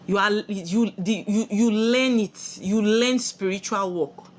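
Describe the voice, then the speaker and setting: A woman's voice: medium pitch, slow, a little hiss or hum. A woman with a Nigerian accent giving a spiritual sermon, preachy and full of rhetorical questions she answers herself. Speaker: spiritual teacher.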